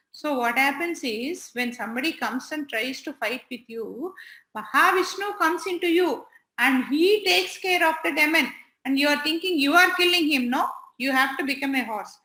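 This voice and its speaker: A woman's voice: sits high, moderate pace. A woman telling a devotional story to children and acting out the figures' lines as she goes. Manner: animated, voices the figures' dialogue. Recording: echoey room.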